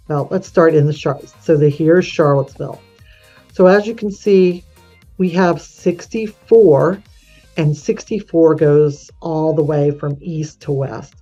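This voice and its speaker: Woman, low voice, chatty and folksy, self-correcting, dull audio with faint music. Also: warm tone, slightly rough. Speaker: real estate channel host. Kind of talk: casual screen-share map tour.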